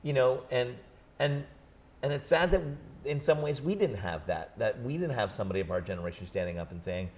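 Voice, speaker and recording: A man in his thirties, a book's author, talking in an animated, jokey way in an interview on a set. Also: sits low. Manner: animated, jokey, quick bursts. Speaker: author guest. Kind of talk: conversational interview. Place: studio set.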